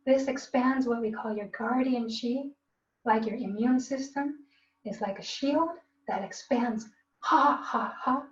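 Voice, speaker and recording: A woman's voice: a little high, unhurried. Woman instructor guiding a breathing lesson, roomy. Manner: calm, coaching, demonstrates gasps and laughs. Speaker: tai chi instructor. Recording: roomy, distant, dull, faint hiss.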